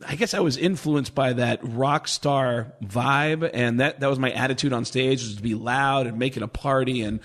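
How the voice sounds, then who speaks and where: A man in his forties, a comedian guest, telling animated stories and acting out the quotes. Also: medium pitch, moderate pace, hardly any pauses. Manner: animated anecdotes, acts out quotes. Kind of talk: casual storytelling.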